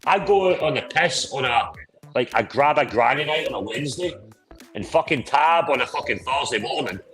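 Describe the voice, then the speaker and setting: Man, mid pitch, crude casual storyteller, constant swearing, faint music in the background. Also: lively intonation, normal speed, fairly bright tone, rough recording. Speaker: podcast co-host. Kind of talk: casual pub-style chat.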